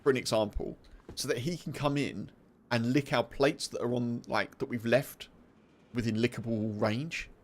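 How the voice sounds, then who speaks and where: A man's voice: mid-range voice, moderate pace. A British man chatting casually while streaming a game, rambling, laughing and full of fillers.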